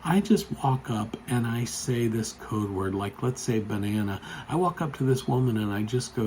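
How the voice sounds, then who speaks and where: A man telling a personal story to the camera in a casual, rambling way, full of fillers, getting loud and excited as it goes. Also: mid-range voice, normal speed, gravelly, few pauses, slight background noise, poor audio. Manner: chatty, rambling, with frequent fillers. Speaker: vlogger.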